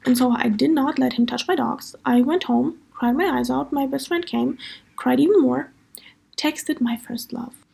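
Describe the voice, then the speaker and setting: Young woman podcast host, kinda high voice, raspy and fry-ish, just rambling casually. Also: normal speed, a little mellow. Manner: chatty, lots of fillers. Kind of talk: casual storytelling.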